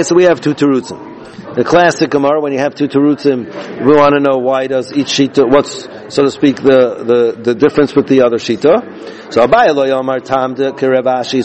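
A man's voice: medium pitch, darkish tone, low-quality recording. A man teaching a Talmud passage step by step, mixing Aramaic and Hebrew terms into his English and often repeating phrases.

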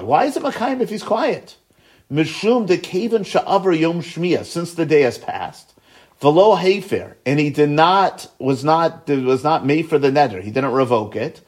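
Man teaching Talmud, sing-song and lively. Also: fairly high pitch. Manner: explains step by step, checks in with "right?" and "okay?"; chants Aramaic phrases slowly, then explains in quick English. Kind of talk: Talmud study lecture.

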